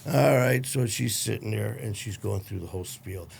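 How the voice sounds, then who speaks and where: A man's voice: lowish voice, normal speed, creaky, a little mellow, slightly rough. A man hosting a podcast, interviewing a guest and telling his own story in a reflective way. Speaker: podcast host. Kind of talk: conversational interview.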